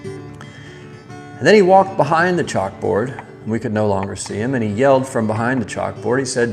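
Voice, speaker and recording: With faint music behind him, a man with a gravelly, mid-range voice hosts a live stream at normal speed. He casually recounts a childhood story and reads chat comments, animatedly performing the voices he quotes.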